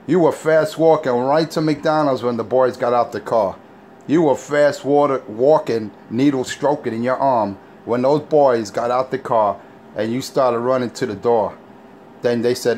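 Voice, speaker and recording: A man's voice: mid-range voice, measured pace, darkish tone, a little hiss or hum. A man hosting an online talk show, taunting and mocking someone in a profane way. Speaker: show host. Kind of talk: casual mocking chat.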